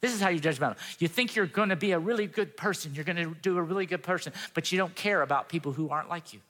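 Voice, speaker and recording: Bright-voiced man preaching in a hall. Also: on the high side, fast talker. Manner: earnest, conversational preaching with voiced quotes. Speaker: pastor. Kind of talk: sermon. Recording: long reverb of a hall.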